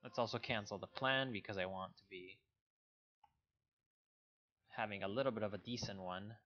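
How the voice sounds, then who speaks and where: A man giving relaxed, low-key commentary while playing a strategy game, thinking aloud as he goes. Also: normal speed, highs cut off, a little hiss or hum. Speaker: gameplay commentator. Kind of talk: casual let's play commentary.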